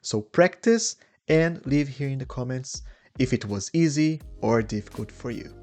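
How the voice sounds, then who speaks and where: A male English teacher walks through grammar in a video lesson, speaking slowly and carefully. He stretches his example sentences into exaggerated rising and falling tunes. His voice sits at a medium pitch with a gravelly fry underneath. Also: expressive, a little mellow, soft background music. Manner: slow, deliberate explanations with exaggerated rising and falling demos.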